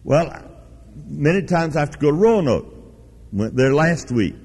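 A man's voice: a little high, lively intonation, moderate pace, darkish tone, breathy edge. A man preaching a sermon, telling a story in a folksy, emphatic way. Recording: long reverb of a large hall.

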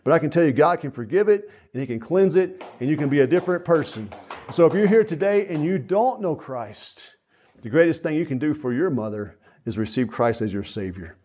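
Brief: earnest male pastor, slightly high voice, plain folksy sermon on a dull recording. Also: expressive, brisk, warm tone. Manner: earnest, folksy preaching with frequent fillers. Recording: dull lo-fi sound.

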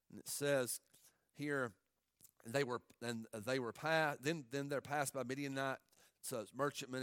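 A male pastor delivering an impassioned sermon with a high, bright voice that cuts through. His delivery rises from quiet, low asides to loud, climbing peaks. The sound is dry and close, with no room around it. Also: no room sound. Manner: impassioned preaching, swinging from hushed to shouting.

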